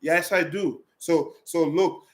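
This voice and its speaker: Answering viewer questions in a casual, rambling vlog, this man speaks slowly with a steady tone and a fairly high voice. He is blunt and direct, restarting often and using many fillers.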